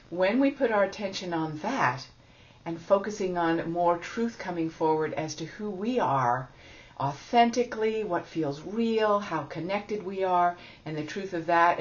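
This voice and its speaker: Chatty, laughing woman teaching spirituality. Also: fairly low pitch. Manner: chatty, laughs often, self-deprecating. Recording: dull lo-fi recording.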